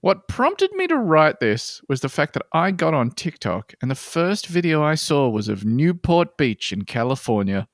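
A man's voice: on the high side, wildly swooping pitch, normal speed, few pauses, no room sound, clean studio sound. A man co-hosting a comedy podcast, reading a listener post aloud and mocking it with plenty of swearing. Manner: sarcastic, mocking, swears a lot.

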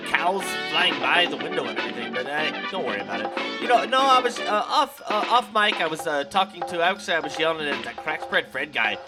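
A man playing a brash, hot-tempered comic weather reporter with a put-on Mexican Spanish accent, excitable and full of slang. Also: high voice. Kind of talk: comedy sketch segment. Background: loud music.

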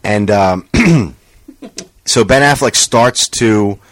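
A man's voice: on the low side, very slow. A young man on a podcast, casually chatting and retelling a funny story, acting out what others said and swearing freely. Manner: animated storyteller, acts out quotes, swears. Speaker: podcast co-host. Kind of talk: casual chat.

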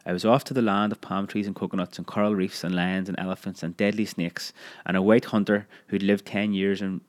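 A man narrating a memoir audiobook in a measured, expressive storytelling manner. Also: low voice.

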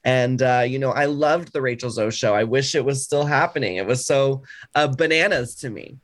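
A man co-hosting a podcast in casual chat, animated and gushing, laughing easily as he talks. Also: medium pitch, moderate pace. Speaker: podcast co-host.

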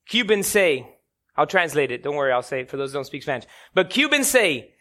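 A man's voice: fairly high pitch, big pitch swings, a little fast, pushed and bright. A man preaching a sermon, telling stories dramatically and building to emphatic peaks.

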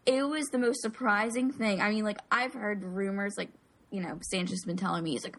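A woman co-hosting a relaxed podcast, chatting at length. She rambles through her story with many fillers and restarts. Her pitch sits in an ordinary middle range. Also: a little fast. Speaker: podcast co-host. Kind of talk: casual chat.

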